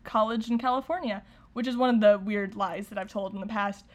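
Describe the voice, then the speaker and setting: A woman's voice: medium pitch, steady tone, fairly quick. A young woman chatting casually as a podcast co-host, sounding nervous, rambling with fillers and restarts and laughing often. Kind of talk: casual chat.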